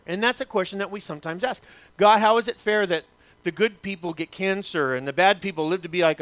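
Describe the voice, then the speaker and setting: Bright-voiced pastor preaching. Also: male voice, high voice, dry recording. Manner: rhetorical questions, dramatic pauses, voices complaints to God. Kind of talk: sermon.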